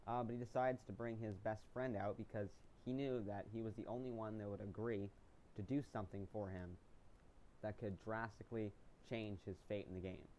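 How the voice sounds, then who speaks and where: A young man with a low, mellow voice tells a story in a loose, chatty vlog style. He gets excited as he retells it and fills the gaps with ums and quick restarts. He keeps it easygoing and conversational throughout. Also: slight background noise. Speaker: vlogger recapping a reality show. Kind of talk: casual storytelling commentary.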